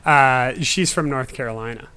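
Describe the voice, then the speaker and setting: A man's voice: mid-range voice, moderate pace, sharp tone, clean tone. A man hosting a casual podcast, who often laughs and makes wry remarks. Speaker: podcast host. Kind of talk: casual chat.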